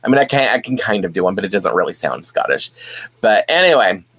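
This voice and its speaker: A man's voice: fairly low pitch, big pitch swings, fast talker, a bit bright, slightly rough. A man hosting a casual live stream at home, chatting and reading viewer comments, rambling with many fillers and restarts.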